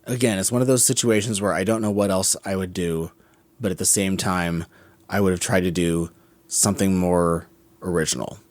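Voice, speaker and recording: The voice is a man's, sitting low with fairly even intonation and a moderate pace, recorded without echo. As a podcast co-host, he casually discusses a movie's scenes, musing and critiquing and regularly correcting himself mid-sentence.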